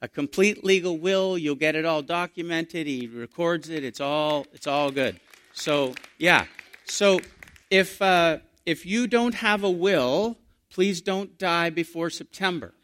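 A middle-aged man, a pastor telling stories in an animated sermon. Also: a little high, unhurried, clear, resonant tone. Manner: storytelling, animated, rising to excited emphasis.

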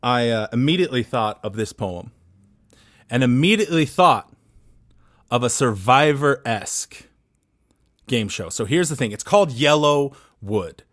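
A man pitching a game show idea on a comedy podcast, rambling and swearing playfully as he goes. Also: animated, a little slow, long pauses, a bit bright, dry recording, studio quality.

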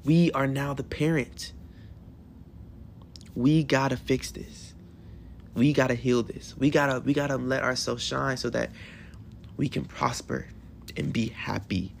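A man in his twenties hosting a solo podcast in a hotel room, talking in an emotional, affirming way with animated bursts. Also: medium pitch, a little slow, gravelly, long pauses, slight background noise. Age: 20s. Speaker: podcast host.

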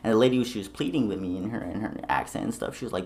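A young man telling stories in casual chat, swearing often and animated. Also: lowish voice, racing, gravelly, few pauses. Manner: profane, animated storytelling. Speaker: storyteller.

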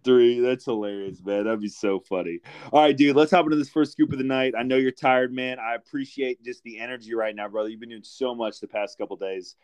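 A man's voice: medium pitch, a little fast, few pauses, clear, resonant tone, dry recording. A young man hosting a podcast in a laid-back casual chat, calling people "dude" and "brother" a lot. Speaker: podcast host.

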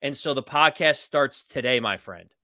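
A man co-hosting a casual sports podcast, breaking down a game in an animated, emphatic way. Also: medium pitch, moderate pace, dry recording, clean studio sound. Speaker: podcast co-host.

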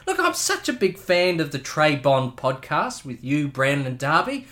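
A man's voice: fairly high pitch, very animated, normal speed, bright, forceful tone. A man putting on the voice of a gushing male film director who praises a podcast, in an effusive, overly polite manner. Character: gushing middle-aged male film director fan, an impression of a real director.

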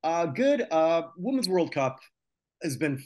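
A man from North America with a slightly high, sing-song voice hosts a casual sports talk podcast at a measured pace. Opinionated and ranting, he fills his talk with "uh"s.

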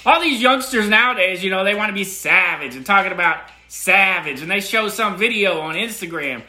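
A middle-aged man sending a casual, rambling voice message to a show, talking in an animated, emphatic way and repeating words for effect. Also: sits high, brisk.

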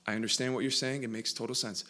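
A male preacher voicing an exhausted man who pleads with and shouts at Jesus in a parable. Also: mid-range voice, steady tone, fast, natural voice. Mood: bargaining.

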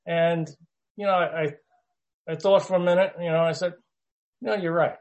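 A man leading a group discussion and telling a story casually, halting, with many fillers and restarts. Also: fairly high pitch, fairly even intonation.

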